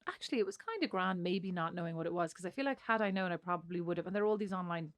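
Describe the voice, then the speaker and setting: Fast-talking Irish woman chatting. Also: on the low side. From Ireland. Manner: rambling, self-interrupting, laughs easily. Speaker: podcast co-host. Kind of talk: casual chat.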